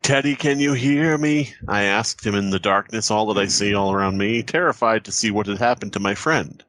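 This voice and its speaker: A man's voice: lowish voice, steady tone, fairly quick, pushed and bright, dry recording. A man co-hosting a podcast, reading a horror story with a dramatic touch.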